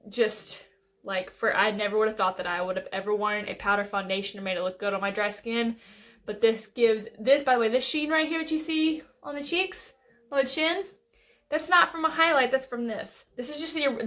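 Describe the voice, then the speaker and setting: A woman's voice: on the high side, a little fast, a bit bright. Gushing young woman beauty vlogger. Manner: gushing, enthusiastic, lots of fillers and restarts. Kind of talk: casual makeup favorites chat.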